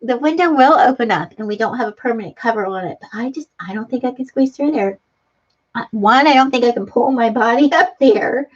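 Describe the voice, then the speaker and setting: A woman's voice: a little high, expressive, fairly quick, breathy edge. Giggly chatty woman on a lo-fi stream. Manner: giggly, chatty, laughs often. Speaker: live stream host. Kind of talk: casual live-stream chat reading comments. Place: home craft room. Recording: dull lo-fi live-stream audio.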